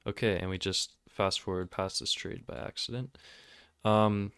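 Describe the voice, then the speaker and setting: Commenting casually on his trading screen, this host gets excitable and mocks himself with sarcasm. The close-miked recording of his smooth, fairly low voice is dry and deadened.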